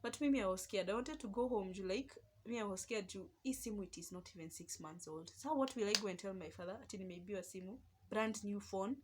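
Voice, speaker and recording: A young woman with a Kenyan accent, telling a personal story in a lively, casual vlog and slipping between Swahili and English. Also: medium pitch, fast, few pauses, background noise. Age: young adult. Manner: animated, mixes Swahili and English. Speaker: vlogger.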